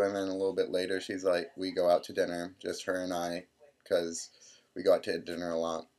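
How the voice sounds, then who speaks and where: Young man in his twenties, deep low voice, casual rambling storyteller, lots of quoted dialogue. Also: completely flat delivery, a little fast, darkish tone. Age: 20s. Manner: rambling, full of "I'm like" quotes. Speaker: vlogger.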